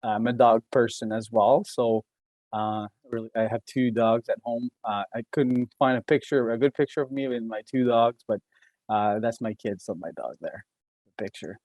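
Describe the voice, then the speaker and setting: A man's voice: mid-range voice, steady tone, moderate pace, darkish tone, no room sound. A man with a Québécois French accent giving a webinar presentation as an engineer, talking hesitantly with many fillers and restarts. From Quebec.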